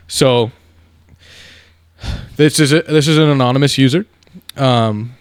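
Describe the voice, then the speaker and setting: Male podcast co-host, mid-pitched, rambling casual delivery, dry close recording. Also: slow pace, no echo. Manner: rambling, hedging with fillers. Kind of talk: casual chat.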